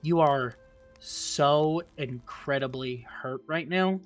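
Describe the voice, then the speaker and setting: A man's voice: on the high side, takes it slowly, soft background music. A man narrating as game master of a tabletop role-playing game, rambling with many fillers.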